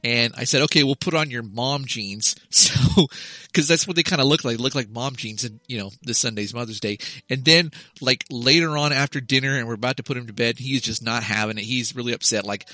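Bright-voiced rambling storytelling man. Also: medium pitch, fairly quick, no room sound. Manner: rambling storyteller, swears freely. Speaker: podcast co-host. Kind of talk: casual comedic chat.

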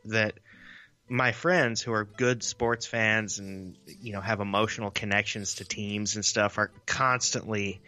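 A man's voice: on the low side, steady tone, measured pace, bright, forceful tone, soft background music. A man in his forties co-hosting a casual podcast, rambling and self-deprecating, swearing freely. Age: 40s. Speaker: podcast co-host.

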